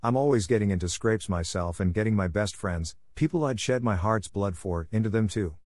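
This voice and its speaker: A man's voice: lowish voice, brisk, darkish tone, no echo, natural voice. A man voicing an eager, dramatic young girl who talks in an earnest, impulsive, pleading way.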